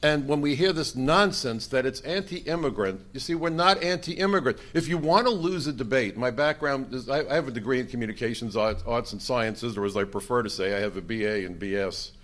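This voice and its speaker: A man's voice: mid-range voice, a little fast, few pauses, a bit bright. An older man speaking to a conference audience, emphatic and fond of rhetorical questions. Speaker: conference speaker, former immigration agent. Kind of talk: conference speech to a live audience. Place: conference room.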